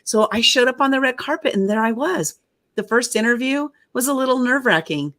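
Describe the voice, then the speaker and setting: A woman's voice: on the high side, a little fast, dry recording, clean studio sound. A woman in her fifties, a guest author, telling stories in an interview over a video call and acting out what people said. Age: 50s. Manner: lively storyteller who acts out quotes. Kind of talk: storytelling interview.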